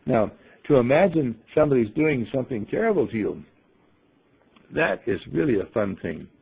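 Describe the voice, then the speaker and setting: Husky gravelly man telling a story. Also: mid-range voice, very animated, normal speed, muffled recording. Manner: playful, acts out voices in quotes, frequent throat clearing. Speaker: speaker telling a story to a group. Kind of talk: rambling spoken storytelling and musing.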